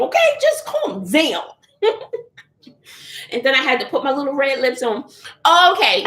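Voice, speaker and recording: A woman's voice: high voice, very animated, moderate pace, fairly bright tone, reverberant, a little hiss or hum. Chatty woman on a livestream. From Texas. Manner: chatty, laughs often, calls viewers honey and child. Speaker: channel host doing a live chat. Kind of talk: casual livestream chat. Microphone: phone or computer.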